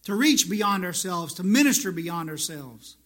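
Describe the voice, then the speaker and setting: Bright-voiced, high-pitched male pastor preaching. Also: lively intonation, normal speed. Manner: conversational preaching, rising to emphatic repetition. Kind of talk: sermon.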